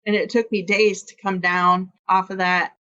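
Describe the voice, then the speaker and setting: A woman's voice: mid-range voice, little pitch movement, moderate pace, sharp tone, lo-fi sound. A woman from Iowa, a podcast guest, candidly telling a personal story and acting out quoted dialogue.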